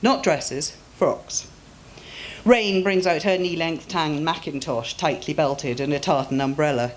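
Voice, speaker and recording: A woman author reading her own story aloud in a measured, expressive way at a live reading. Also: sits low.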